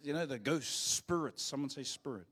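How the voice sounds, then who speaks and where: A male pastor with a New Zealand accent, preaching a sermon in a church and telling cheeky, joking stories, acting out quotes in a louder voice. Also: medium pitch, moderate pace, slightly rough. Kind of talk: sermon with storytelling.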